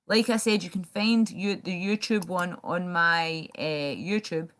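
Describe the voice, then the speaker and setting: Young woman host, lowish voice, rambling casual stream chat, answers viewer comments. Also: fairly even intonation, measured pace, fairly bright tone. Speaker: livestream host.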